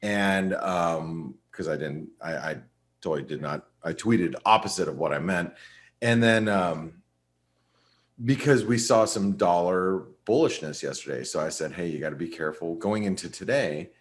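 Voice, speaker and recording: A man's voice: low voice, moderate pace. A middle-aged man hosting a trading webinar, talking loosely about market analysis with many restarts and fillers. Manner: rambling, with frequent restarts and fillers. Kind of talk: casual trading webinar talk.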